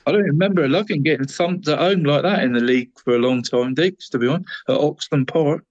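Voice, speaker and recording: A man with a somewhat high voice talks through the weekend's local football results on a podcast. He keeps it loose and chatty, tags "mate" onto nearly every line and trips over his words as he goes. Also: fairly quick, a little mellow, lo-fi sound. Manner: stumbles and restarts a lot.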